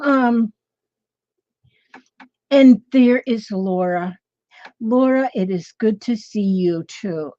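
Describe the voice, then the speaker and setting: A woman's voice: a little high, warm tone, no echo, highs cut off. A woman hosting a craft livestream, chatting casually and rambling as she greets viewers by name. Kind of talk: casual live chat with viewers.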